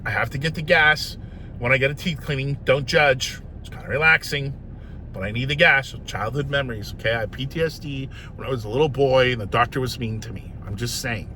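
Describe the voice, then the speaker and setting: A man's voice: mid-range voice, a little fast, pushed and bright, slight background noise. A man vlogging in a casual, self-mocking storytelling way, often tagging his lines with "right?".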